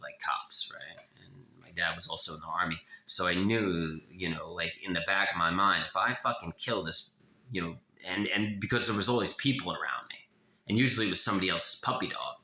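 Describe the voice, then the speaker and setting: A man giving a blunt, profane confessional monologue as an author, halting and restarting often. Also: deep voice, bright, forceful tone, echoey room, a little hiss or hum. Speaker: author of a self-help memoir.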